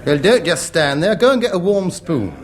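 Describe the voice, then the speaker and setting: Male comic lead: a high, cocky, clueless secret agent; old radio recording with hiss. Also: animated, normal speed. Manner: cocky, leering comic delivery. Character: smug, bumbling male British secret agent. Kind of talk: 1960s radio comedy acting. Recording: hissy 1960s radio broadcast recording.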